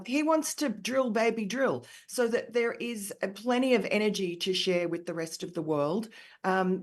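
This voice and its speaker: A middle-aged Australian woman giving an emphatic interview answer, with many ums and you-knows. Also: on the low side. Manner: frequent fillers, emphatic. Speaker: author and columnist guest.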